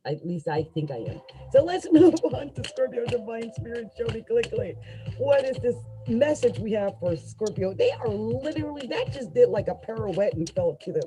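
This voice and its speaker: A woman gives a casual tarot reading in a chatty, upbeat way, talking straight to the listener and breaking into quick laughs. Her voice sits at a middle pitch for a woman. Clear music plays underneath her. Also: darkish tone, low-quality recording. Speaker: tarot reader.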